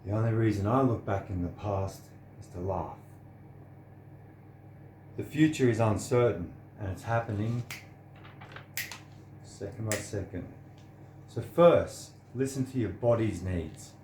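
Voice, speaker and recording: Man in his thirties, earnest and preachy, lowish voice, echoey room, faint background hiss. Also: unhurried, pauses often, darkish tone. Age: 30s. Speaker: vlogger. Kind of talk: personal monologue to camera.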